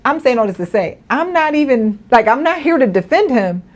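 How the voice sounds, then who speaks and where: Woman co-host; high, swooping delivery; animated casual commentary. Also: fairly quick. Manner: animated, laughing, mock-outraged asides. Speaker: podcast co-host. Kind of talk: casual political commentary chat.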